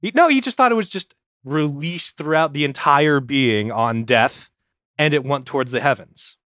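A man's voice: fairly high pitch, lively intonation, moderate pace, fairly bright tone, dry recording, clean studio sound. A man telling a history story on a casual podcast, rambling and swearing now and then.

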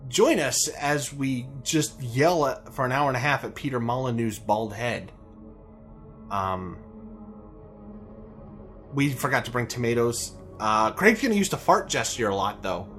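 A man co-hosting a casual video game podcast, chatting in a jokey, animated way with frequent fillers and laughs. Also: medium pitch, a little slow, faint music behind. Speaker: podcast co-host. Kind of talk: casual chat.

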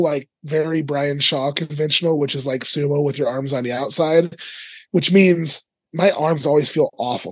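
Casting: husky, slightly high male guest, lively storyteller, dry close sound. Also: no room sound. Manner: animated storyteller, laughs often. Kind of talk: casual podcast chat. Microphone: remote call mic.

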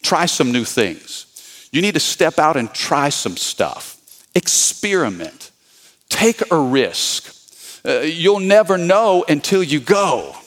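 A man's voice: on the high side, big pitch swings, slow pace, fairly bright tone. A man preaching a sermon as pastor, repeating his key points and calling out to the congregation.

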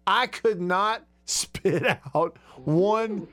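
He draws out his words in a high, slightly bright voice. He's an Alabama man in his 30s, hosting a radio talk show from a studio and telling stories casually with plenty of self-mockery.

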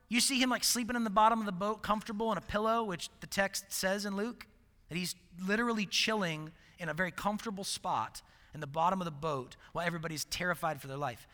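A man preaching a sermon in a conversational, animated way, swinging between loud emphasis and hushed asides. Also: sits high, big-room sound.

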